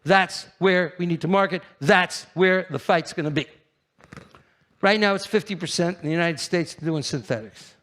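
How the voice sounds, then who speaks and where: A man giving a live conference presentation, brash and animated, jumping to high, loud bursts and firing questions at the audience. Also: normal speed. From New York. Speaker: keynote speaker at a trade fair.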